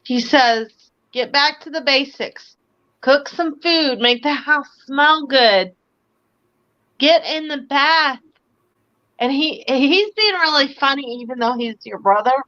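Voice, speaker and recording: A high, bright woman's voice chatting through a psychic reading on a live stream, full of "like" and quick asides. The sound is dry and a bit dull, like lo-fi stream audio. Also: no room sound. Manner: relays spirit messages in a chatty way with many "like" fillers. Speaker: psychic medium and host.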